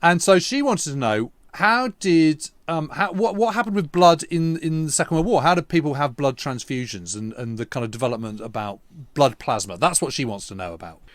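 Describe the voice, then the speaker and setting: Brief: male co-host, mid-pitched, halting and repetitive but keen, close dry mic. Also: lively intonation, no room sound. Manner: hesitant, repeats words, enthusiastic. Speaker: podcast co-host. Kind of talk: casual history podcast chat.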